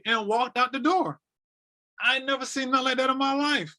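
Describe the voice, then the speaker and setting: A man in his thirties from North Carolina, USA, guests on a podcast and tells an emotional personal story. His high-pitched voice moves at normal speed, and he is animated, often repeating words and acting out what other people said.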